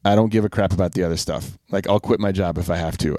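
A sincere, reflective middle-aged man talking casually as a podcast co-host. His voice is fairly low and sounds close and dry. He pauses and restarts as he works through his thoughts. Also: mellow, no room sound. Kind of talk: casual chat.

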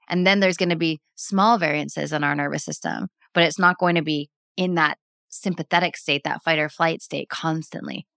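A woman guest speaking calmly and earnestly in casual interview talk, with many "like" fillers. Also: sits low, vocal fry, dry recording, clean studio sound. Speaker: breathwork practitioner, guest.

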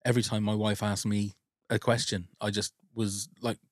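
A man's voice: fairly low pitch, little pitch movement, moderate pace, no echo, clean studio sound. A man hosting a podcast in casual chat, telling personal stories openly and emotionally, with some swearing. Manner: open, emotional storytelling, swears. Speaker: podcast host.

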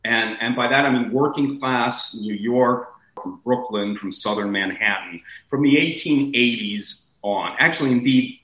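An American man speaking as a guest, animated and rambling, with big swoops in pitch. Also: a little slow, few pauses, roomy sound, poor audio. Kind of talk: casual discussion.

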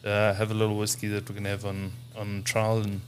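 A man's voice: fairly low pitch, completely flat delivery, brisk, faint music behind. A South African man co-hosting a casual podcast, laid-back and saying dude a lot. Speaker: podcast co-host. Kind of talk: casual chat.

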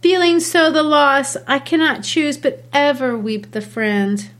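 Guarded grieving young noblewoman, read by a woman in a lifted, expressive voice. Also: high-pitched, measured pace, voice pushed up. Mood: anguished. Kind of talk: classroom read-aloud of a play.

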